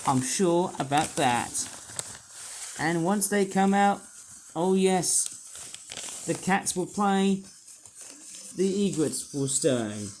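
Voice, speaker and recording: A man's voice: sits high, expressive, very slow, long pauses, a little mellow, a little hiss or hum, rough recording. A man reviewing toy figures and rambling with puns and fillers as he unboxes them. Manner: rambling, punning, full of fillers. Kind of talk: unboxing commentary.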